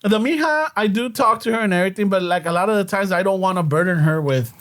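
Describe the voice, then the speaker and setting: Man, high voice, profane, casual podcast chat. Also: quick pace, fairly bright tone. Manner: profane, mixes Spanish into English.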